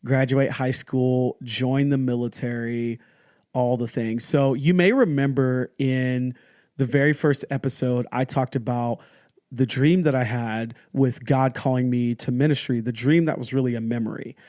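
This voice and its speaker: A man's voice: medium pitch, steady tone, a little mellow, no echo, clean studio sound. Candid man telling a personal story. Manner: candid and halting, with restarts and acted-out quotes. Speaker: podcast host.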